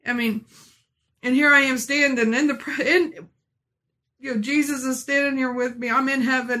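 A woman in her forties giving an emotional religious testimony, earnest and halting, often restarting her sentences. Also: high-pitched, steady tone, bright, forceful tone. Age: 40s. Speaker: speaker sharing a personal testimony.

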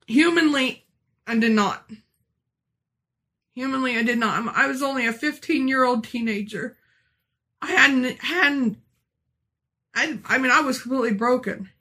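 A woman in her forties tells a heartfelt religious testimony with a high, bright voice. She speaks earnestly and haltingly, circling back and restarting her sentences as she goes. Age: 40s. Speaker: speaker sharing a personal testimony.

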